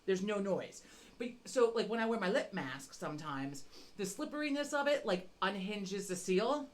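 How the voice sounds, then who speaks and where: A woman's voice: on the low side, a little hiss or hum. A middle-aged woman on a podcast, telling a rambling, self-mocking story with constant swearing. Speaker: podcast co-host. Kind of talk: casual chat.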